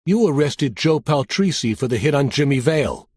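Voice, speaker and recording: A man voicing a surly, cocky older mob boss with a Brooklyn accent and a gruff, tough-talking manner. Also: medium pitch, expressive, normal speed, a little mellow, no room sound, clean studio sound, voice pushed up. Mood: cool.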